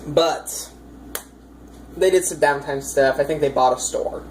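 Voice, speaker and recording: Woman game master, low voice, chatty and rambling, faint hiss on the track. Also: a little slow, poor audio. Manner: chatty, rambling, many fillers, amused. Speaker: dungeon master. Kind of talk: casual storytelling of a tabletop campaign.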